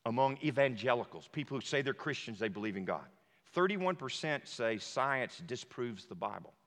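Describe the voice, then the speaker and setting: A man preaching a sermon as a pastor, emphatic, dropping to a hush and then rising to shouts. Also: medium pitch, expressive, moderate pace. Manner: emphatic, swings from hushed to shouting. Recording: long hall reverb.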